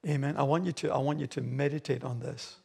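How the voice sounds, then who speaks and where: Australian male pastor, gravelly husky voice, emphatic sermon delivery. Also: medium pitch, fairly even intonation, fast. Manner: emphatic preaching, rising loud on key phrases. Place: church hall.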